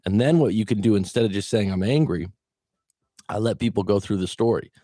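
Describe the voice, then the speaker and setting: A man's voice: lowish voice, a little fast, warm tone, no echo. A middle-aged man giving casual, plainspoken advice as a relationship coach, acting out quoted thoughts along the way. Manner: plainspoken, acts out quoted thoughts, occasional swearing.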